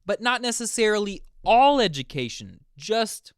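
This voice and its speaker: A man hosting his own channel, explaining a song's meaning in a casual, chatty way, full of "like" and quick asides. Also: high voice, smooth, dry recording, studio quality. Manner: chatty, filler-heavy, animated. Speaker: music explainer host. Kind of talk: casual explanatory video commentary.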